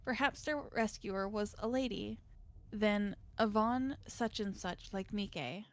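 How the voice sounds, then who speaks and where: A woman streamer narrating a visual novel in a steady, measured reading voice. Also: mid-range voice.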